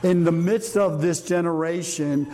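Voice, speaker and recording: Speaking a little slowly, this older pastor has a dark tone and a somewhat high voice. He keeps his sermon conversational, frequently asking the room questions, while a hall's long reverb and faint noise color the audio.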